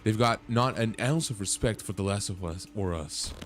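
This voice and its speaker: A man's voice: fairly low pitch, brisk, few pauses. A man streaming a game, reading its dialogue aloud and breaking off into blunt, swearing reactions. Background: faint game music.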